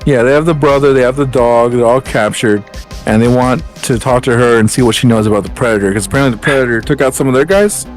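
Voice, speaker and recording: A man with an ordinary mid-pitched voice, speaking in casual podcast chat. He recaps a movie plot in a relaxed, joking manner, with frequent fillers. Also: fast talker, faint music behind, rough recording. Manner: laid-back, joking, summarizes plot. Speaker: podcast co-host.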